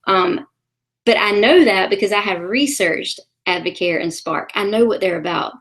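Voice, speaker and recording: A woman's voice: medium pitch, moderate pace, a bit bright. A woman leading a sales training call, talking in a conversational way with frequent ums and encouraging her listeners. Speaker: sales team leader.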